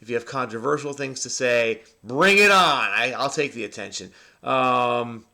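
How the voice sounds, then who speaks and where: Gravelly, bright-voiced crossword host. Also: male voice, mid-range voice, expressive, normal speed. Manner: frenetic, rambling, self-mocking. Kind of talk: solving a crossword while thinking aloud.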